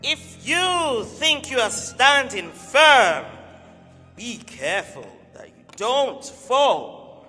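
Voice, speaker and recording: A man's voice: extremely high pitch, sing-song, drawn-out words, sharp tone. A man narrating a church stage drama in a grave, dramatic, scripted way. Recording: reverberant hall with music.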